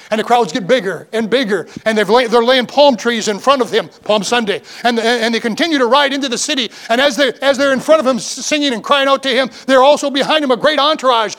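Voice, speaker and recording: A man's voice: extremely high pitch, fast, hardly any pauses, a bit bright. A man preaching a sermon as pastor, fervent and rising in emphasis, reading scripture aloud in old-fashioned wording.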